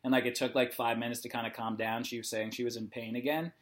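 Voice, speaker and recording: A man's voice: medium pitch, flat delivery, fast talker. A young man casually telling a long story, rambling with lots of "like" and acting out the dialogue. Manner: rambling, heavy use of "like", acts out dialogue.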